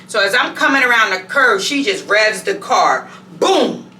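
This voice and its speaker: A woman vlogger telling a story in an animated, conversational way at home. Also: medium pitch, moderate pace, reverberant, far from the mic, slight background noise, poor audio. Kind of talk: storytime vlog. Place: home bathroom.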